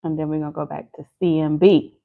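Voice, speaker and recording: A woman's voice: low-pitched, level tone, fast talker, gravelly. A woman chatting casually and teasingly with viewers on a live stream, laughing easily. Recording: phone-like lo-fi audio.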